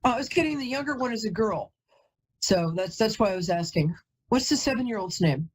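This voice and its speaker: A woman's voice: medium pitch, lively intonation, brisk, slightly rough, low-quality recording. A woman hosting a live call-in psychic reading, chatty and emotional, who often breaks off mid-sentence to apologize. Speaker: psychic medium host.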